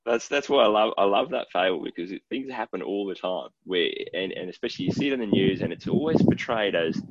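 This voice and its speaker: On a podcast, an Australian man co-hosts with easygoing, jokey storytelling and casual chat. He talks fast in a deep voice over heavy background noise, and the recording itself sounds dull, dry and lo-fi.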